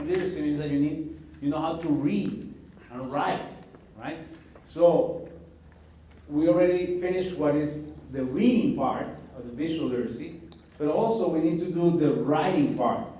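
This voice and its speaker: A man leads a teacher training session in a classroom, speaking casually and haltingly, with plenty of fillers and restarts. His voice is mellow and sits at a medium pitch. It is picked up from well across a very echoey room, with faint background noise. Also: recorded from a distance.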